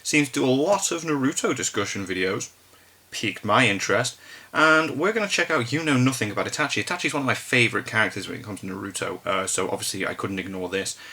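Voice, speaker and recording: A man hosting a reaction video, chatting casually with ums and quick comments. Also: on the low side, sharp tone. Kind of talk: casual chat.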